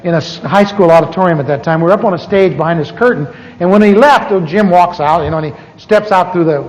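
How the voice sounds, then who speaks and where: A man teaching a class as a pastor, telling humorous stories from his own life in an animated, joking way and acting out his old prayers. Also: a little high. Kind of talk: humorous storytelling lecture. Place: large church conference hall. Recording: live hall recording with long reverb and faint hiss.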